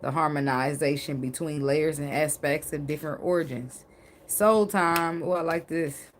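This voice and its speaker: A woman's voice: low-pitched, normal speed. Woman doing a chill tarot reading, jokey and loose, a little hiss behind. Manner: chatty and joking, sings snippets, swears casually. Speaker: tarot reader.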